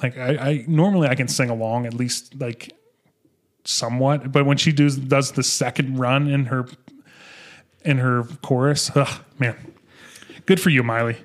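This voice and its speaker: A young man hosting a podcast, chatting casually and excitedly about an album, swearing and restarting his sentences. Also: mid-range voice, moderate pace. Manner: excitable, profane, rambling with restarts. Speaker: podcast host. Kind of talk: casual music review chat.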